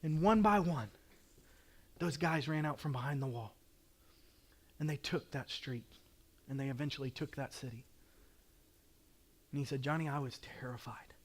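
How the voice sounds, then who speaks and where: A man's voice: medium pitch, moderate pace, pauses often. A middle-aged male pastor preaching a sermon with passion, repeating declarations for emphasis.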